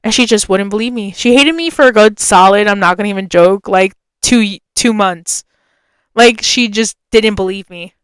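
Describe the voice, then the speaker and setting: A young woman hosting a podcast, telling a story in a chatty, animated way with lots of fillers and quoted voices. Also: medium pitch, normal speed, clean tone, no room sound, studio quality. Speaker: podcast host. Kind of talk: casual storytelling.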